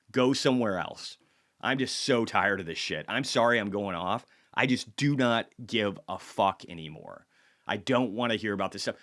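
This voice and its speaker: A man's voice: lowish voice, lively intonation, moderate pace, a bit bright. A man hosting a casual market commentary video, talking bluntly with frequent profanity and occasionally apologizing for going off on a tangent.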